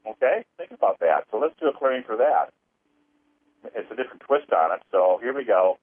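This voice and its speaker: A man, an energy healer on a radio talk show, who rambles with many fillers and counts slowly through a healing. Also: on the low side, sing-song, breathy edge. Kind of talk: phone-in radio talk with guided clearing. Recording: tinny phone line, dry.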